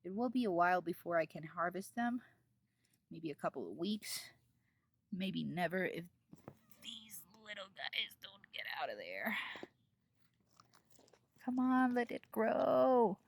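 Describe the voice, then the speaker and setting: Husky and fairly low-pitched, this woman talks at a moderate pace as she shows off her home garden outdoors in a casual vlog tour. She's giggly, giddy, and over-excited the whole way through.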